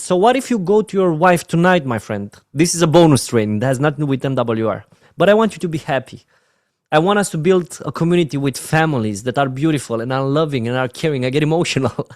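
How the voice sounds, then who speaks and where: An emotional man with a Romanian accent leads a motivational training session, pleading and heartfelt. His voice sits fairly high for a man, and the sound is dry and close. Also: lively intonation, fast talker, no echo. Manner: earnest, emotional, repeats "my friends" softly. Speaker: network marketing trainer.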